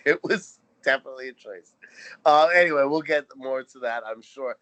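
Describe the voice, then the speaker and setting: A man's voice: medium pitch, moderate pace, a bit bright, rough recording. A man co-hosting a podcast, chatting casually and sarcastically about a sitcom episode, swearing now and then. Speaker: podcast co-host.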